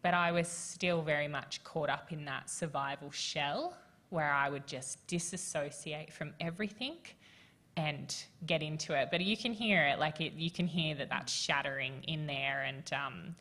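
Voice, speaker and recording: Low-voiced woman, candid and emotional. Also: moderate pace, a bit bright. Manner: frank and emotional, with many fillers and laughs. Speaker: author on a festival panel. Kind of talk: candid conversational panel talk.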